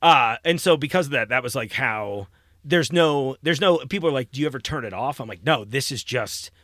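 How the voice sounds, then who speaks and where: An American man in his forties tells stories with lively, swooping intonation and frequent laughter. His voice is bright and forward, recorded close and dry. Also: mid-range voice, fairly quick, no echo. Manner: animated, laughing storyteller. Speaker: podcast guest. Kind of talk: casual chat.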